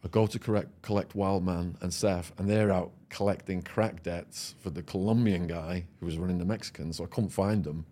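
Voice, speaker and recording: A man's voice: sits low, steady tone, moderate pace, few pauses, dark tone. An Englishman on a podcast, telling a vivid, profane story and laughing as he goes. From England. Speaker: podcast guest. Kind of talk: storytelling anecdote.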